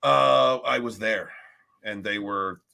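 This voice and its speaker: A man hosting a podcast in casual chat, animated and rambling with restarts and frequent swearing. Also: on the low side, slow pace, vocal fry. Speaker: podcast host.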